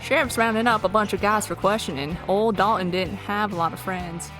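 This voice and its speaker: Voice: mid-range voice, brisk, over music, close to an everyday voice. A streamer voicing a kindly male frontier barkeep in a put-on Southern drawl. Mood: gossipy. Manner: folksy drawl.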